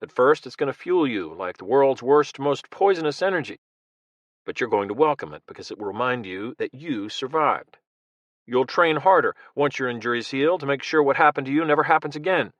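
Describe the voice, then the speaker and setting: A man's voice: medium pitch, expressive, a little fast, fairly bright tone, dry recording, lightly acted. A man voicing an intense American former Marine leader who speaks bluntly and earnestly.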